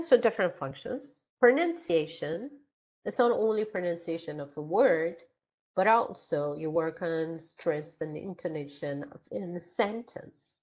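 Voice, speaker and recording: Slow, sing-song woman teacher trainer. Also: lowish voice, muffled recording. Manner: slow, deliberate, exaggerated intonation for modeling. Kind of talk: teacher-training lecture with classroom demonstration.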